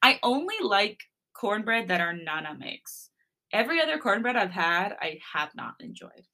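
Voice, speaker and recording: A woman's voice: mid-range voice, sing-song, moderate pace, bright, forceful tone. A woman podcast host reading a romance fanfic aloud, breaking off for casual, chatty asides.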